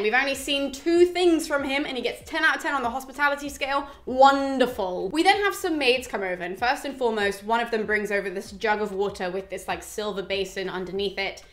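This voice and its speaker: A woman casually retelling a classic story, chatty and animated, full of asides and fillers, sometimes acting out the characters' lines. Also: a little high. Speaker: literature discussion host.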